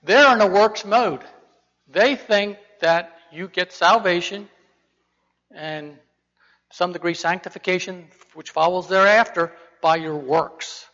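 A man's voice: high voice, slow pace, a bit bright. A man teaching a Bible lesson in a conversational way, putting rhetorical questions to his listeners. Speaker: preacher. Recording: dull reverberant hall recording.

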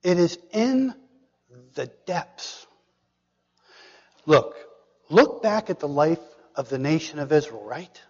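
A man preaching a sermon, asking the congregation questions and dropping to a hushed whisper for emphasis. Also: fairly high pitch, big pitch swings, takes it slowly, long pauses, husky, long reverb tail, highs cut off. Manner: dramatic, drops to a hushed whisper for emphasis, asks the audience questions.

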